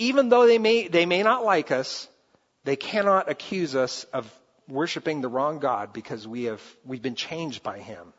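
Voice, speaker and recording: Male preacher, animated delivery, rather high voice; dull recording in a reverberant church. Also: slightly rough. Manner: animated, rises high and loud for acted quotes, drops soft for scripture. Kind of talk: sermon. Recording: dull sound with long hall reverb.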